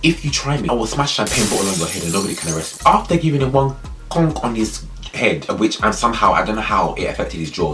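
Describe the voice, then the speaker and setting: A young man telling a story in a casual, animated way, repeating phrases for emphasis. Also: deep voice.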